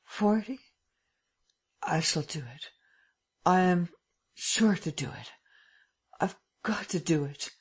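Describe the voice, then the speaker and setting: A reader voicing a weakened gentleman thief who halts, strains and sinks into whispers as he fights to think. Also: mid-range voice, animated, breathy edge, heavily acted. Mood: struggling. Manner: halting, strained, sinking into whispers. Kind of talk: audiobook character reading.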